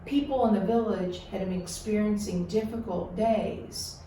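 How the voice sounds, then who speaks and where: A woman storyteller telling a folktale in an expressive, deliberate way. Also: mid-range voice, recorded from a distance, a little hiss or hum. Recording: roomy echo, voice off-mic.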